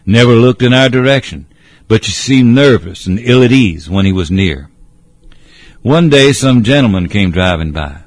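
Low-voiced man reading a storybook. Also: no room sound. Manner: measured, old-fashioned, addressing a listener. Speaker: narrator. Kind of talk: storybook narration.

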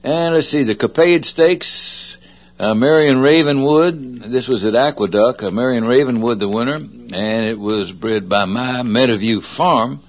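A man's voice: medium pitch, measured pace. A man with a Southern US accent hosting a radio show, talking in a casual, rambling way with many fillers and self-corrections. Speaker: radio host. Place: radio studio.

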